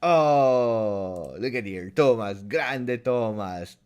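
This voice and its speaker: A man hosting a live-stream fan chat, excitable and halting, repeating himself with many fillers and loud bursts. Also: fairly low pitch, clean tone. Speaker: fan channel host.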